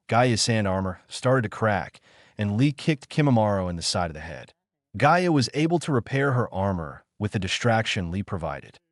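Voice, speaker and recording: A man reading a first-person fanfiction story aloud in a flat, even narrating voice. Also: fairly low pitch, dry recording, clean studio sound.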